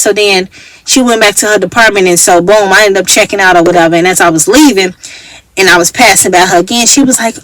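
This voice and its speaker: A woman's voice: mid-range voice, brisk, a bit bright, no echo, poor audio. A woman from Chicago with a Chicago accent, telling a personal story in a casual, chatty way and acting out what others said. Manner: chatty, acts out quoted voices. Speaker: vlogger.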